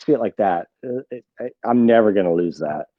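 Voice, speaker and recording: A man's voice: lowish voice, expressive, moderate pace, dry recording. A man from the American South hosting a podcast in casual chat, laid-back, swearing offhand. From Southern United States. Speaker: podcast host. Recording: dry, dull lo-fi mic.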